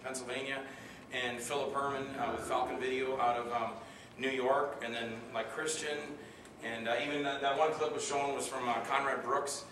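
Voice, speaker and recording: A man recounts his acting jobs to a convention audience, chatty and rambling, full of fillers and acted-out voices. His voice sits at an ordinary pitch and sounds distant from the mic. An echoey hall carries noticeable background noise. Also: fairly even intonation, normal speed. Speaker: actor answering audience questions. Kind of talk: storytelling Q&A at a convention panel.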